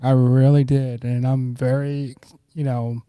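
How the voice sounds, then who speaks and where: A middle-aged man, a podcast guest, telling relaxed personal stories and acting out what friends said. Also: medium pitch, unhurried, smooth, dry recording. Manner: relaxed, warm, acts out quoted friends. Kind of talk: casual storytelling.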